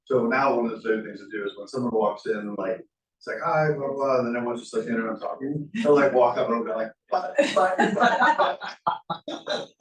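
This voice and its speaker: A man's voice: medium pitch, steady tone, fast. A man in his thirties in casual chat, talkative with fillers and laughs. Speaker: workshop attendee. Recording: roomy echo, distant mic.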